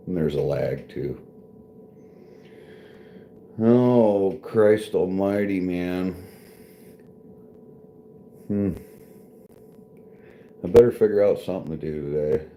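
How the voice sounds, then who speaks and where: Man, deep voice, dark tone, slow rambling chat, swears and laughs. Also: slight background noise. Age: adult with wife and kids. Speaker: vlogger and livestreamer talking to viewers. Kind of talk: casual chat.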